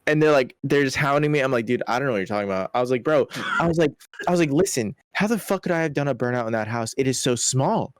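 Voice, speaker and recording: A young man co-hosting a podcast, telling a story in casual, animated, profane chat full of "bro" and "like". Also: medium pitch, quick pace, few pauses, no echo, studio quality. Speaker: podcast co-host.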